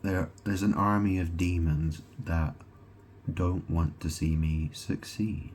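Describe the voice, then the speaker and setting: This self-styled god vlogger talks slowly in a low, somewhat dark voice with fairly even intonation, and a little background noise is audible. Addressing the camera directly, he rambles, curses freely, repeats himself, restarts sentences, and peppers the listener with rhetorical questions.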